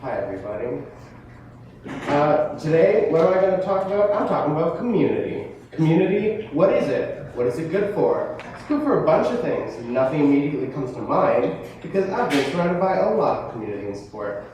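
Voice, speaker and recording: Picked up from a distance in an echoey room, a late-teen male student presents to an audience in a hall or classroom. He's very animated, a little high and slightly mellow, speaking briskly, with self-deprecating jokes and frequent stammers and restarts. A little hiss or hum is audible.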